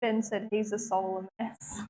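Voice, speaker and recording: A woman's voice: mid-range voice, flat delivery, normal speed, dark tone, rough recording. A woman from England, chatting casually in a tattoo studio with short, playful replies. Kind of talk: casual chat.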